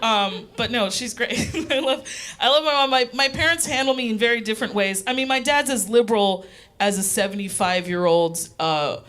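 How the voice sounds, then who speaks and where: A woman's voice: on the high side, normal speed, fairly bright tone. A young woman doing stand-up comedy on a small theater stage, chatty and full of fillers. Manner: chatty, full of "like" and self-interruptions. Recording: live audience laughter in small theater.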